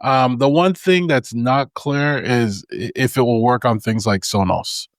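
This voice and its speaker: A man co-hosting a tech podcast in casual chat, ranting in an animated, exasperated way. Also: medium pitch, measured pace, no echo. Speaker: podcast co-host.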